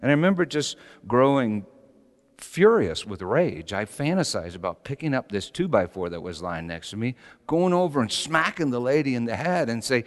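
A middle-aged man preaching a sermon as pastor, animated, swinging from soft asides to shouting. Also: mid-range voice, moderate pace. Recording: long hall reverb.

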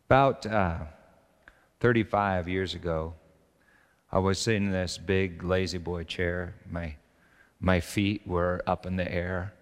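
A man's voice: sits low, steady tone, slow, big-room sound. An older man, a pastor, giving a conversational sermon with stories, fillers and restarts.

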